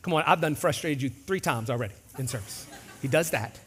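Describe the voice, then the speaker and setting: A man preaching a sermon as pastor in a large church, animated and jokey, acting out voices. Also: mid-range voice, fairly quick, slight background noise.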